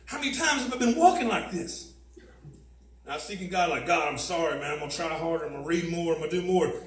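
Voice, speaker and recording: A man's voice: fairly high pitch, lively intonation, quick pace. A man giving a personal testimony at a mission, talking conversationally and repeatedly saying "man" and "you know what I mean.". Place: mission chapel, roomy hall. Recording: echoey room, voice from a distance.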